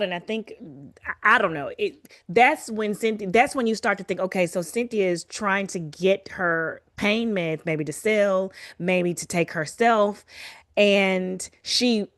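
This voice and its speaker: A woman's voice: medium pitch, measured pace, no echo, studio quality. A woman co-hosting a podcast, recapping a story in casual chat and acting out the lines she quotes. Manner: animated, acts out quoted lines. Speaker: podcast co-host.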